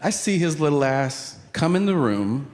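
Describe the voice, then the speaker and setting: A middle-aged man doing stand-up comedy, telling a story in an animated, profane way and acting out his own shouts, on a club stage mic. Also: on the high side, moderate pace. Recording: live club recording with audience noise.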